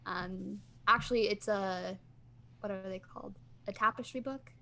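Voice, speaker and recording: A woman's voice: mid-range voice, fairly even intonation, unhurried, vocal fry, bright, forceful tone. A woman playing in a tabletop role-playing game who talks hesitantly and trails off mid-thought. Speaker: player. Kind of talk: casual tabletop play.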